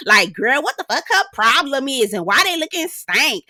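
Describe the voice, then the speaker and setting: Sassy lady doing a reality tv recap, super animated, bright voice, dry sound. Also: sits high, normal speed, hardly any pauses, no echo. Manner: sassy, profane, laughing often, mimics people. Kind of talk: casual commentary monologue.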